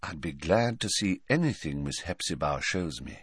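Man doing a quiet, measured young shop assistant. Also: sits low, animated, slightly rough, no echo, studio quality. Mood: quietly polite. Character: cold, polite young male shop assistant.

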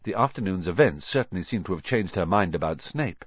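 A man narrating a storybook in a highly expressive way, with a dull, dry recording. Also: fairly quick, few pauses, husky, dry recording. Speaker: audiobook narrator.

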